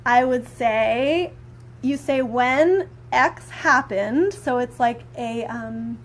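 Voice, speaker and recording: Chatty rambling woman, higher voice. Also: slow pace. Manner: rambling, filler-heavy, conversational; animated when acting out quoted anger. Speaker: spiritual teacher and prayer practitioner. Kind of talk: casual live-stream chat.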